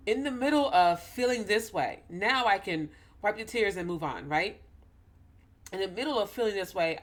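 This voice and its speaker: A woman in ministry telling a personal story to her audience, earnest and emotional, close to tears as she speaks. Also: on the low side. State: holding back tears. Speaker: ministry host. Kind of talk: personal talk to camera.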